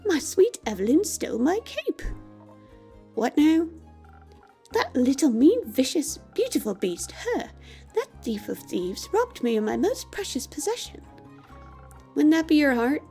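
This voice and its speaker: A woman's voice: sits high, very animated, unhurried, long pauses, mellow, soft background music, heavily acted. A woman voicing a vain, fussy male vampire who speaks theatrically and melodramatically, reading a game aloud. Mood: dramatic. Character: vain dramatic male vampire, fussy about his cape.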